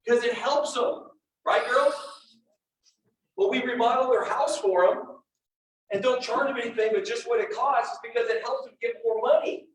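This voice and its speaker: A middle-aged man with a very high-pitched voice speaks at a normal speed, telling a personal story at a real estate event. He is animated and personal, talking directly to the live crowd. The recording is distant and faint noise runs through a very echoey room.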